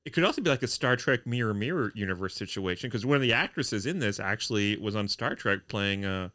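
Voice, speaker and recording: A man's voice: lowish voice, lively intonation, fairly quick, sharp tone. A man co-hosting a casual chat about an old TV show, retelling scenes with dry humor. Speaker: podcast co-host.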